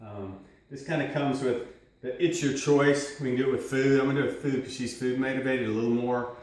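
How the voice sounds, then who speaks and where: A man teaching dog training in a casual, rambling way, switching into high excited praise for the dog. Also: a little fast. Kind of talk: casual hands-on instruction. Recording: very echoey room, mic at a distance.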